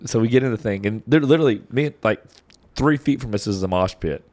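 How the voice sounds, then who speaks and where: A man's voice: mid-range voice, fast talker. Laughing middle-aged man telling a story. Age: 40s. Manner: animated, laughs while telling stories. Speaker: podcast co-host. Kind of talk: casual chat, storytelling.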